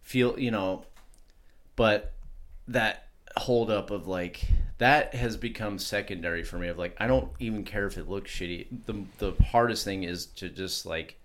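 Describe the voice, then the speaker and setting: A man's voice: lowish voice, measured pace, a bit bright. A man co-hosting a casual podcast about art and creativity, rambling and restarting his sentences as he thinks aloud. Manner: rambling, self-interrupting, with many restarts. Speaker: podcast co-host. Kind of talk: casual chat.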